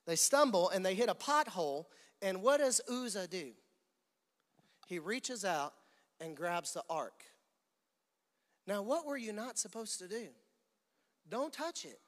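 A man preaching a sermon as a pastor, retelling an old story in an animated way and calling on the audience to repeat words. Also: high voice, unhurried, long pauses. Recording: reverberant hall.

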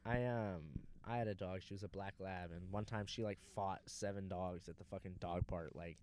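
A man's voice: sits low, steady tone, moderate pace, a little mellow, clean tone. A man in casual podcast chat, crude and slangy, telling stories with lots of "like" and swearing. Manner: crude, slangy, blunt jokes.

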